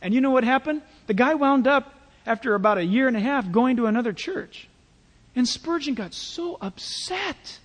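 Very high-voiced man preaching in a reverberant hall. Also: moderate pace. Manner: conversational, animated preaching with playful asides. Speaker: pastor. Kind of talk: sermon.

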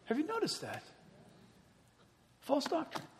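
A man preaching a sermon in an animated storytelling manner, often laughing as he talks. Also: extremely high pitch, unhurried. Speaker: pastor. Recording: long hall reverb.

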